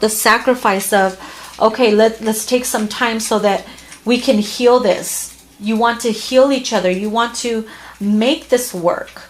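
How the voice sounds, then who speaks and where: A woman's voice: fairly high pitch, fairly bright tone. A woman giving a heartfelt, casual tarot reading to camera. She talks earnestly, with restarts and fillers, and is moved at times. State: emotional, near tears at times. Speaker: tarot reader.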